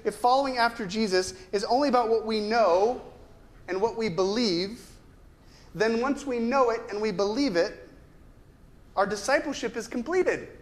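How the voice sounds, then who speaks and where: A man's voice: high-pitched, fairly bright tone. A man preaching a sermon in a conversational way, asking rhetorical questions and sometimes repeating his words. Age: adult with a ten-year-old son. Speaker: pastor.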